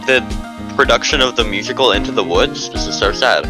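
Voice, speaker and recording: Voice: medium pitch, fairly quick, over music, close to an everyday voice. A performer voicing a cheerful young female assistant in a fan dub of a game. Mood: bubbly.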